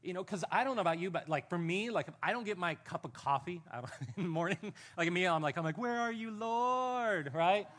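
A man preaching a sermon as pastor, conversational and self-deprecating, reading a letter aloud slowly and softly. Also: a little high.

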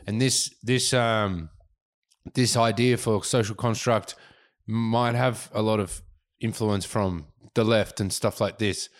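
A man with an Australian accent co-hosting a casual podcast, talking in a laid-back way with lots of fillers and pauses. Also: fairly low pitch, fairly even intonation. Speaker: podcast co-host.

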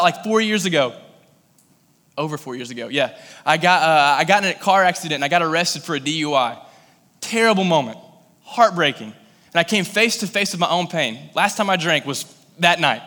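In a big-room sound, a Kentucky pastor preaches with a high, bright, forceful male voice. He tells his sermon casually, like a filler-laden story, and grows intense and pleading in the prayerful stretches.

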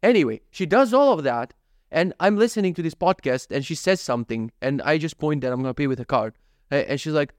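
In a clean, echo-free studio recording, a man in his thirties with a high voice talks a little fast through stories from his day. This casual daily vlog is animated and profane, with him voicing his own inner thoughts.

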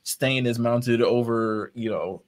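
Speaking slowly in a mid-range voice, a man co-hosts a podcast, chatting loosely, rambling, swearing and laughing frequently.

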